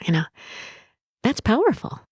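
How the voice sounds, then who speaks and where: A woman's voice: moderate pace, darkish tone, no echo, clean studio sound. A woman who owns a bed and breakfast, telling stories in an interview in a chatty way, with frequent restarts. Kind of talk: storytelling in an interview.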